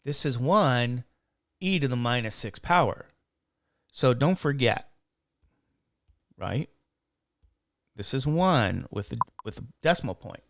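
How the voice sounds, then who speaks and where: Slow gravelly male math lecturer. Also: mid-range voice, expressive, a bit bright, no room sound. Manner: counts digits aloud step by step. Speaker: statistics instructor. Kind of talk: classroom lecture.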